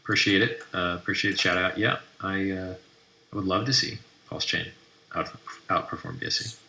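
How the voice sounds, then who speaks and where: Cocky man ranting on a stream, low voice with a hard bright edge, roomy echo. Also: moderate pace. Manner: brash and mocking, trash talking. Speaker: livestream host. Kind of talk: live stream commentary. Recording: roomy echoey room.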